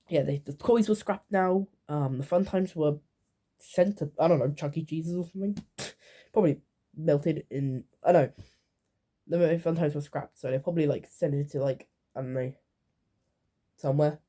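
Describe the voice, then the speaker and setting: A woman's voice: low voice, moderate pace, pauses often, dark tone. A woman YouTuber talking through a video game timeline in casual commentary, rambling with lots of fillers and offhand asides.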